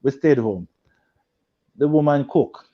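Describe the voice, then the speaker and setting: Man, animated storyteller, muffled video-call sound. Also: medium pitch, takes it slowly. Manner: animated storyteller, laughs a lot, acts out quotes loudly. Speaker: guest. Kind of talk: storytelling in a group video chat.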